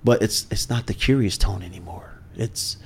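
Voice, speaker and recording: A man with a fairly low voice talks as a guest on a podcast interview. He speaks in a measured, deliberate way with a calm authority, like a seasoned sales coach explaining his method. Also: slight background noise.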